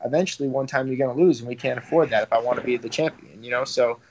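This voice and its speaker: A man's voice: medium pitch, fast, a little hiss or hum. A young man, a professional fighter talking casually in an interview, rambling with lots of fillers and some swearing. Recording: slightly dull lo-fi audio.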